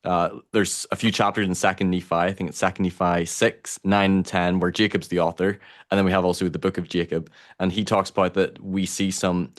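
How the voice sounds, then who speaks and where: Low, flat-voiced male host, asks rambling, hesitant questions. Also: fairly quick. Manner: hesitant, question-asking, many fillers. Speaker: podcast host. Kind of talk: casual interview.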